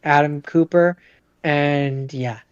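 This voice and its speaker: A man's voice: on the high side, steady tone, takes it slowly, muffled recording. A man co-hosting a casual podcast chat, hesitant and full of fillers and restarts. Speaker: podcast co-host.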